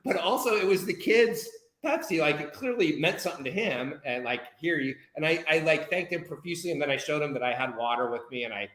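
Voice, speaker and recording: American guy telling a story, a bit higher voice, swears a little, echoey room. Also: fast. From United States. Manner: animated, candid, swears casually. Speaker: guest speaker. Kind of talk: casual storytelling.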